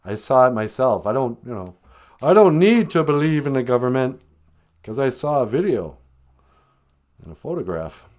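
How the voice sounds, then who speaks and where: A man's voice: mid-range voice, sing-song, normal speed, long pauses, a little mellow. A man delivering a rambling, mock-serious comic rant, trailing off with chuckles. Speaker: comedic vlogger.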